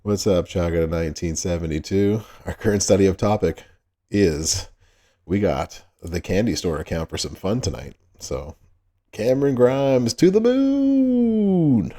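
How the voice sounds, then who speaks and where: A man's voice: sits low, normal speed, mellow. A man hosting a casual livestream, greeting chat viewers by name and laughing often. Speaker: livestream host.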